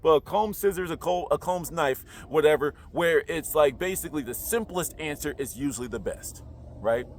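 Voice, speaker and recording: A man's voice: a little high, moderate pace, a little hiss or hum. A man talking casually to camera in a slangy, roundabout way, full of rhetorical questions. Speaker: online commentator.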